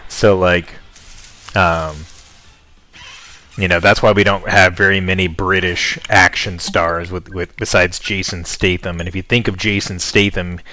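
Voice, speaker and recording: A young American man with a notably deep, low voice, talking to his viewers in a loose, rambling way as he plays. His delivery is chatty and offhand, and he drifts from one thought to the next. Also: flat delivery, measured pace, sharp tone. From United States. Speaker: streamer. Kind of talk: casual chat with viewers while playing.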